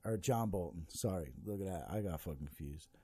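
A man hosting a casual political rant, swearing heavily and wandering off track as he talks. His voice is dark and mellow, recorded close and dry with no room sound. He fills gaps with ums and uhs as he thinks aloud. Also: low voice, a little fast, husky, no echo. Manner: profane, rambling, heavy swearing with many fillers.

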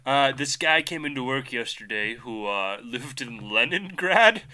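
A man co-hosting a podcast, chatting casually with dark wisecracks and frequent laughter. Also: mid-range voice, animated, measured pace. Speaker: podcast co-host. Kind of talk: casual chat.

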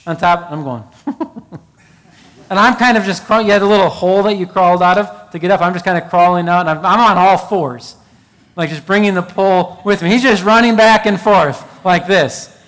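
A man's voice: high voice, moderate pace, a bit bright, in a large hall. A middle-aged man preaching a sermon as pastor, building emphasis and telling stories to illustrate his point. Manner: preaching with rising emphasis and storytelling asides.

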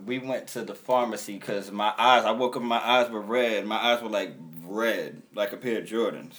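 A man's voice: lowish voice, normal speed, fairly bright tone. Young man telling loose, laughing tour stories. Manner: loose storytelling, laughs often, acts out quoted friends. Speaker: touring musician. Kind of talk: casual podcast chat.

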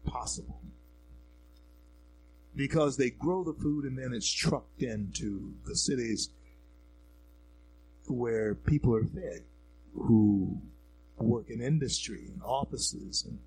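A man's voice: medium pitch, takes it slowly, a little mellow, soft background music, rough recording. A man from the American South with a Louisiana Southern accent, hosting a talk radio show in an earnest, repetitive monologue with many fillers. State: grieving.

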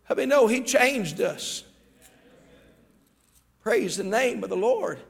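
A man preaching a fervent sermon as pastor, swinging between shouted peaks and quiet, low asides. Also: lively intonation, slow pace, creaky, husky. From Ohio. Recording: reverberant church hall.

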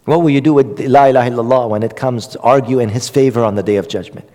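A man's voice: medium pitch, fast talker, warm tone, big-room sound. A man giving an Islamic religious lesson in a conversational way, with many fillers and repetition for emphasis. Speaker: religious lecturer.

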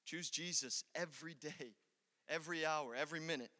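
A young man preaching a sermon in a church, swinging from loud passionate peaks to quiet conversational asides. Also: a little high, fairly quick, long reverb tail.

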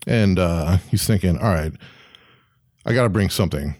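A man's voice: deep voice, normal speed, darkish tone, no echo, studio quality. A man, telling a long story in casual chat, swearing freely and acting out the quotes. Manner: loose, profane storytelling with acted quotes. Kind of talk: casual anecdote.

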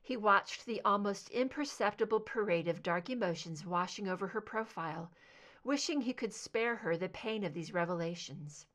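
A woman's voice: mid-range voice, moderate pace, a bit bright. Woman reading a fan fiction story. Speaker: audiobook reader.

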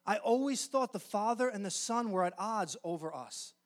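A male pastor preaching a sermon in an earnest, emphatic way, often slowing down to stress key phrases. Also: high-pitched, lively intonation.

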